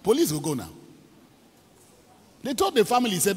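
This Nigerian-accented evangelist preaches in a big church hall, narrating a story whose quotes he performs, mixing in pidgin and leading shouted prayers. His high voice swoops wildly in pitch at a normal speed, with a breathy quality. The room leaves a long reverb tail.

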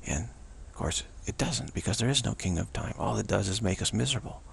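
A man's voice: on the low side, expressive, fast, gravelly, a little hiss or hum. A man giving an unscripted spiritual teaching outdoors, rambling and repetitive, often restarting his sentences.

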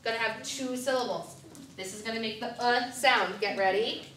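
Teacher giving a classroom reading lesson. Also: female voice, a little high, moderate pace, fairly bright tone, slight background noise. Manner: clear, directive, counting and prompting. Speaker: first grade teacher. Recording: echoey classroom from far off, children around.

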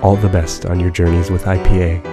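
A man narrating a language lesson in a calm, measured, explanatory way. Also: low voice. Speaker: language teacher. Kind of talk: scripted educational narration. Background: guitar music.

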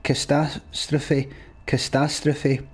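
A man's voice: medium pitch, completely flat delivery, very slow, husky. A young man live-streaming a game, chatting casually and ranting at his viewers with plenty of swearing. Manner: sweary, ranting at chat in a mock-exasperated way.

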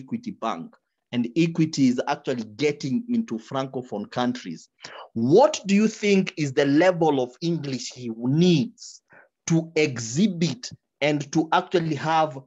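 A speaker giving advice to writers, with a lively, swooping delivery. The talk stumbles over repeated words and dips into quoted examples. It comes through dull, lo-fi call audio. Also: medium pitch. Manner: animated, repeats words while searching for them, drops into quoted examples. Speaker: writing workshop speaker.

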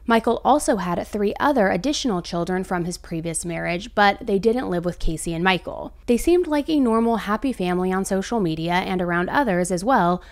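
A woman's voice: medium pitch, animated, brisk, hardly any pauses. Chatty woman hosting true crime. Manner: casual and chatty, with asides to the viewers. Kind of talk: true crime storytelling to camera.

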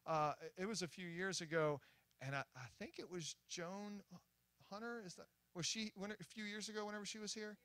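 A young man preaching at a church, telling a story in an animated, excitable way with many restarts and acted-out quotes. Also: sits high, moderate pace, no echo. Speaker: guest preacher. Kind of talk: sermon storytelling. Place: church sanctuary.

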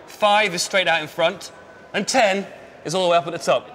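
A man's voice: high-pitched, normal speed, background noise. A man presenting a live science show on stage, upbeat and guiding the audience through a show of hands.

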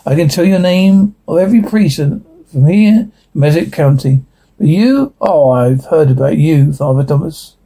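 A man's voice: a little high, lively intonation, normal speed, vocal fry, warm tone, slightly rough, full character voice. A man voicing a friendly male parish priest who talks in an easygoing, joking way. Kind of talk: dramatic reading of a transcript.

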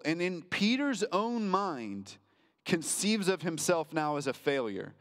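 Conversational preacher in an echoing church. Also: male voice, a little high. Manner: conversational, slows for emphasis, acts out quotes. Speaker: pastor. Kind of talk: sermon. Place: church sanctuary. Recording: reverberant church hall.

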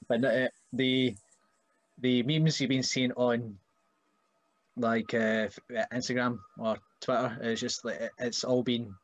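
A man's voice: medium pitch, no room sound. A young Scottish man, a wrestler, chatting casually on a podcast and joking about people he meets. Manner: joking, does mocking voices of relatives. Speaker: wrestler guest.

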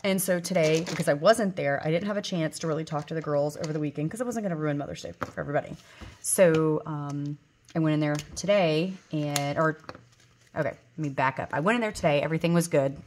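Forties woman, casual vlogger voice, lowish pitch, rambling storyteller, slight noise behind. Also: brisk, a little mellow. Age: 40s. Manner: chatty storyteller, rambling with fillers and self-corrections. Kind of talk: casual chat while counting cash.

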